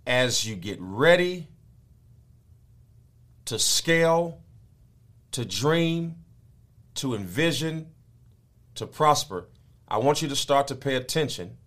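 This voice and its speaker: A man preaching a sermon, moving from low, quiet explaining to high, loud, shouted peaks. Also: expressive, slow pace, pauses often.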